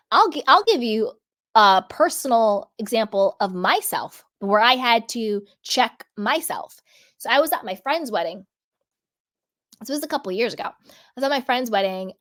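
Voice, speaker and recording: A woman hosting a casual commentary vlog, talking earnestly and slowing down to stress key words. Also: mid-range voice, fairly bright tone. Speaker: host.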